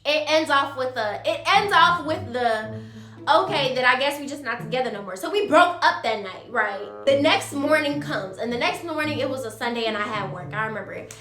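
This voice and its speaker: A woman's voice: sits high, sharp tone, echoey room. A young woman in a storytime vlog, talking animatedly and calling her viewers y'all. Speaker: vlogger.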